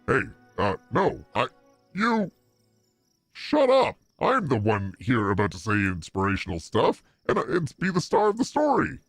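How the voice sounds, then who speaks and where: A man voicing a boastful, self-absorbed young rival chef in a video game, with loud, theatrical exclamations. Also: on the low side, very animated, moderate pace, hardly any pauses, no room sound, soft background music, pitched below the performer's own voice. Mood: indignant.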